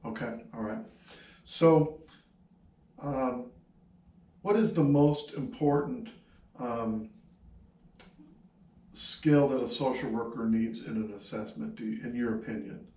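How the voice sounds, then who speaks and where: A man at a medium pitch interviews guests for his students, with an easy, joking warmth. His voice comes from a little way off the mic. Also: slow, pauses often, distant mic. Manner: friendly, teasing, talks to a class. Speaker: instructor interviewing social workers. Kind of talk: classroom video interview.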